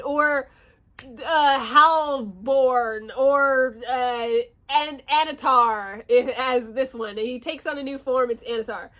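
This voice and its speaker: A woman giving a casual, animated reaction review, often restarting and stumbling over names. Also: sits high. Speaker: fantasy series reviewer.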